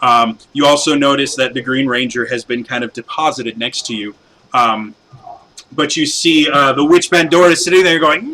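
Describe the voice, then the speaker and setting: A man's voice: a little high, unhurried, bright, forceful tone, low-quality recording. A man narrating as game master, rambling with many fillers and restarts as he describes the scene.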